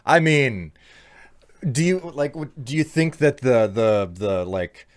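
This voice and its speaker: A man's voice: medium pitch, expressive, slow pace. Rambling young man chatting on a stream. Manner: rambling, joking, lots of fillers. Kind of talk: casual live-stream chat.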